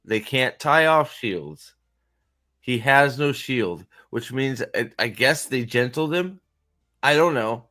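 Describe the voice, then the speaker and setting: A man's voice: medium pitch, animated, takes it slowly, bright, forceful tone. A man hosting a casual reaction commentary, rambling, profane and sarcastic, with frequent restarts. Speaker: host.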